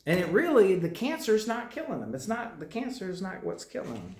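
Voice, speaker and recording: High-pitched with wildly swooping pitch and a slightly mellow quality, the man's voice reverberates through a meetinghouse worship room. As a hospital chaplain, he shares a conversational message with the congregation, stopping and restarting often and repeating himself as he tells stories.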